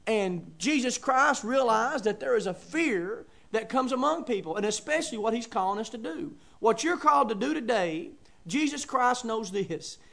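High-voiced preacher. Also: male voice, a bit bright. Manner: folksy, emphatic, with chuckles and asides. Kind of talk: sermon.

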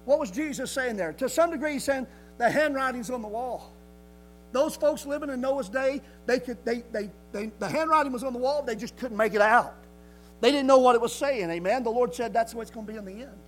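A man preaching a sermon in a folksy, emphatic way, swinging from loud declarations to quiet asides. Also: very high voice, brisk, low-quality recording.

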